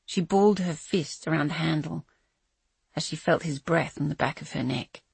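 A woman narrating a thriller audiobook in a measured, dramatic reading voice with a husky edge. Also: low voice, dry recording. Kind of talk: scripted narration.

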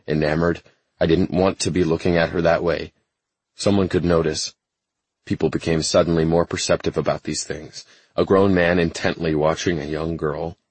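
A man with an extremely deep, husky voice reads a first-person romance audiobook. His delivery is measured, brooding and intense. The recording is close and completely dry. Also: darkish tone, dry recording. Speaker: audiobook narrator.

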